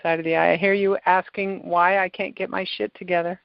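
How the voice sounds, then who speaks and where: Calm woman coaching a tapping session. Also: fairly low pitch, fairly quick, gravelly, dry recording. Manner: calm, coaching, gives step-by-step prompts. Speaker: tapping practitioner and podcast host. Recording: dull, lo-fi sound.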